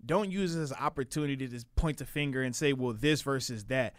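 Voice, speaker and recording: A man's voice: mid-range voice, fairly quick, dry recording, studio quality. A man co-hosting a sports radio show who speaks in an earnest, emphatic, preaching way.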